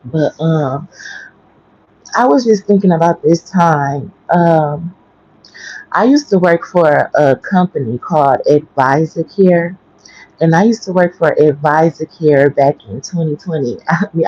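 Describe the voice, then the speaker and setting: A low, husky woman, just awake and chatting quietly on an early-morning livestream from home. Her voice is mellow and sits close and dry on a dull, lo-fi stream. She rambles loosely from one thought to the next. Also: measured pace, no echo. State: just woke up. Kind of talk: casual storytelling livestream. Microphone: headphones with mic.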